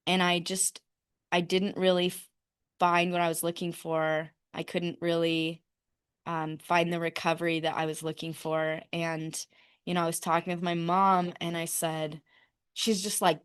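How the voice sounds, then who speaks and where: A woman speaking at a recovery meeting, telling her own story in a halting way, with many fillers and frequent laughs. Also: lowish voice, level tone, clear, resonant tone.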